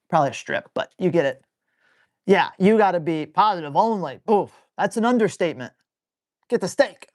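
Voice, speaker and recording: A man's voice: high voice, lively intonation, normal speed, a little mellow, no room sound, studio quality. Man, dog trainer running a live Q&A: loose, blunt, a bit crude, answers viewer questions on the fly. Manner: blunt, casual, salty language; reads viewer questions aloud and answers them. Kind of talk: live stream Q&A.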